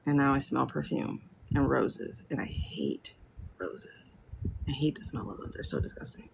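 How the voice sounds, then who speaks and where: A woman's voice: very deep voice, moderate pace, gravelly. A woman rambling casually to her livestream viewers from a room at home, greeting them by name as she chats. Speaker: livestream tarot reader. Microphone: phone livestream. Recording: lo-fi livestream with loud noise.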